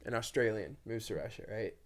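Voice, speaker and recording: A man's voice: lowish voice, fairly quick. A man hosting a podcast, musing and hedging his points with a jokey streak. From United States. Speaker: podcast host. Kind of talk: casual podcast chat.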